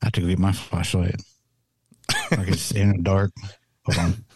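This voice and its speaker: Laid-back deep-voiced man. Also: little pitch movement, normal speed, a little mellow, a little hiss or hum. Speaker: podcast guest. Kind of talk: casual chat.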